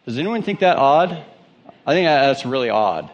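A man's voice: mid-range voice, sing-song, normal speed, muffled recording. A male pastor with a Southern twang, reading scripture and preaching an emphatic sermon that asks questions of the congregation.

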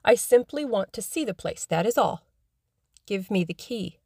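A woman reading an audiobook, voicing a petulant young gentleman who answers curtly and impatiently. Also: mid-range voice, animated, normal speed, dry recording, studio quality. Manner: curt, impatient.

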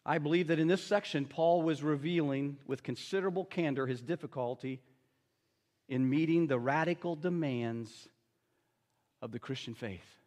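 A man's voice: fairly high pitch, normal speed, a little mellow, long reverb tail. A man preaching a sermon and reading scripture aloud, talking to the congregation in a casual way and often checking in with them. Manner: conversational, addresses congregation with tag questions.

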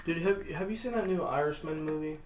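A man's voice: on the high side, brisk, a little hiss or hum. A young man in casual podcast chat, blunt and swearing constantly. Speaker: podcast co-host. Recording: echoey room, mic far off.

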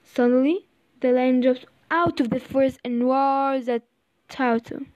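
A woman reads a children's storybook aloud. Her voice is high and unhurried, and she halts and repeats words now and then. The recording is slightly dull. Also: a little mellow. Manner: slow, halting, repeats words. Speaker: reader.

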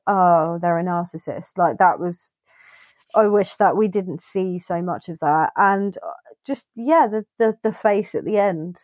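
A woman's voice: lowish voice, unhurried, darkish tone, no echo. A woman co-hosting a podcast, chatting casually about a film, swearing freely and acting out her own reactions in quotes. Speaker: podcast co-host. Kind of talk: casual film review chat. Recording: dull lo-fi dry sound.

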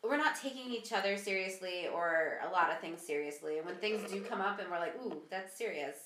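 A woman's voice: on the low side, fairly quick, a bit bright, reverberant, slight background noise. A woman co-hosting a casual chat podcast, explaining her view earnestly at length. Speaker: podcast co-host.

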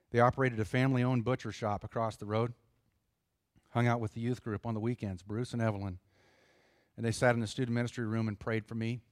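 A middle-aged man preaching a sermon in an earnest, conversational way, pausing for emphasis. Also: lowish voice, no room sound, studio quality. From United States. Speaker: pastor.

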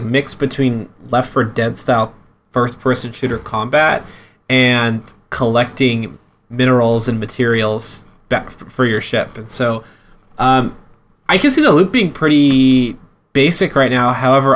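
A man walks through how a game works in an easygoing, detailed way during a casual podcast chat. His pitch is ordinary, and a faint ambient hum sits behind his voice. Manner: laid-back, explains games in detail. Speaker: podcast co-host.

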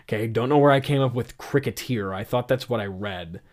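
A man's voice: mid-range voice, normal speed. A man hosting a comedy show, stammering and laughing as he reads and mocks his own old script. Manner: incredulous, laughing, stammering restarts. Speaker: host.

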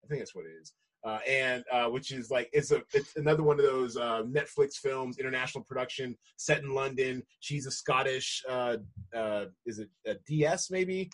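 An American man co-hosts a podcast in a medium-pitched voice at normal speed. His chat is casual and rambling, full of restarts and easy laughter.

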